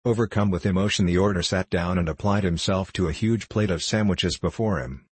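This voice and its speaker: Deep-voiced man narrating a classic novel. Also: fairly quick, slightly rough, no room sound. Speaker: audiobook narrator.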